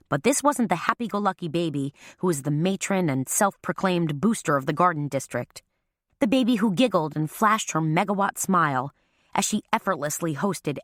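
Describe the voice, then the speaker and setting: A woman narrates a mystery audiobook with a deep, low voice. Her even storytelling is recorded close on a studio mic in a dry, deadened space. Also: dry recording. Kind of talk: scripted narration.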